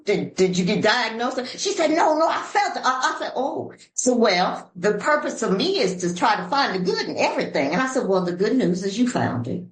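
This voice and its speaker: An older woman from Los Angeles tells her recovery story with a preacher's punch, her mid-pitched voice swinging high and low. The talk rings with the echo of a meeting room. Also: moderate pace, hardly any pauses, a little hiss or hum. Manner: animated, preacherly storytelling with sudden shifts of voice; African American Vernacular English grammar. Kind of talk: speaker-meeting share.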